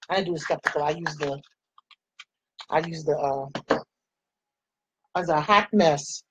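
A woman's voice: fairly low pitch, moderate pace, pauses often, background noise. A woman in her forties chatting playfully with viewers while she does her makeup. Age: 40s. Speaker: makeup vlogger. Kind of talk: casual chat while doing makeup.

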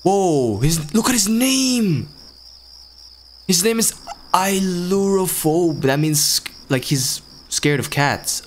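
A man's voice: high-pitched, expressive, slow pace, slight background noise. A man casually joking as he plays a game and reads its lines aloud. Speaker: gaming channel host. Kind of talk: let's play commentary reading subtitles aloud. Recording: game music behind voice.

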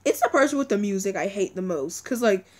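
A woman's voice: mid-range voice, lively intonation, quick pace, a little mellow. A young woman commenting on a video game as she plays, anxious and pleading, often repeating words and crying out. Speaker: gaming video creator. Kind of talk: let's-play commentary.

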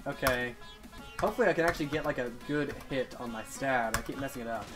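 A young man giving casual, excitable commentary over his gameplay. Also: medium pitch, fast talker, over music. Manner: excitable, swears and yelps at the game. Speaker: let's play gamer.

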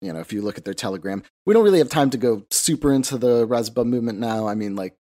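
A man's voice: medium pitch, animated, very fast, dark tone. Guy cohosting a podcast, rambly and sweary, lots of "like" and "you know". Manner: rambling, heavy on fillers and swearing. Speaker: podcast co-host. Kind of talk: casual podcast discussion.

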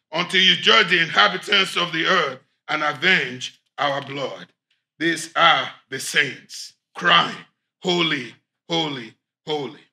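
A man preaching a sermon as pastor, reading scripture aloud and breaking into shouted emphasis. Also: high-pitched, gravelly.

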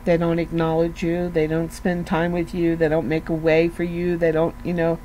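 A woman's voice: fairly low pitch, monotone, moderate pace, mellow, a little hiss or hum, low-quality recording. A woman giving a casual devotional talk, conversational and earnest, asking her listeners rhetorical questions and often saying "you know". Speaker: devotional speaker.

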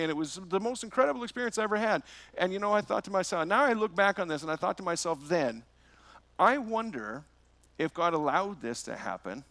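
A man's voice: a little high, a bit bright, no echo. A man preaching a verse-by-verse sermon as pastor, telling a personal story with rhetorical questions.

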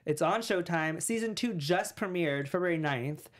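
A woman interviewer with a lowish voice that swings lively up and down. She gushes eagerly and keeps the chat moving with quick affirmations. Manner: enthusiastic, gushing, frequent affirmations. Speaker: interviewer, show host.

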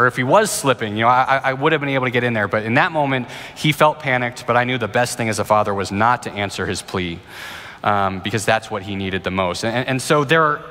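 A male pastor in his thirties speaks earnestly and conversationally, often stumbling over his restarts. His voice is bright and forward, at a middling pitch. It rings out with the long reverb of a church auditorium. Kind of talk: sermon with Q&A.

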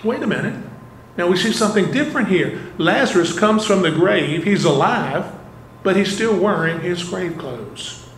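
A man's voice: high-pitched, animated, normal speed, a little hiss or hum. A man preaching a sermon as a pastor, earnestly putting rhetorical questions to his congregation. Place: church sanctuary. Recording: echoey church room, faint ambience.

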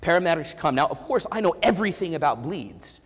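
A man giving a keynote speech, telling a candid personal story with self-deprecating humor and halting restarts, on a lavalier mic. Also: fairly high pitch, very animated, slightly rough. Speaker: keynote speaker. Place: large conference hall before an audience. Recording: long hall reverb.

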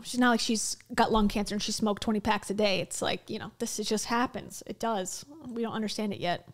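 A woman hosting a casual reaction commentary, talking candidly and bluntly and swearing now and then. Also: medium pitch. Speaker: commentary host.

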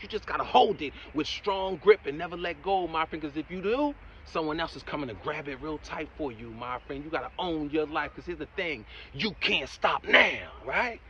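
A man's voice: fairly high pitch, highs cut off. Preachy, emphatic male motivational speaker. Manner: repeats "my friend" and "right?" often, preachy and encouraging; swings between loud emphatic bursts and quiet asides. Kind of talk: motivational talk.

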